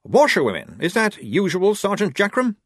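A prissy, pompous young officer with a raised, mannered voice, as a male reader puts him on. The storybook reading leaps about in pitch and sounds dry and close. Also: wildly swooping pitch, moderate pace, husky, dry recording, heavily acted. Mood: prim. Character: prim, earnest young officer, man, pompous and fussy.

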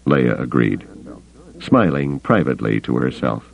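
A man narrating an audiobook in an expressive storytelling manner. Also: very deep voice, normal speed, vocal fry, poor audio. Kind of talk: scripted narration.

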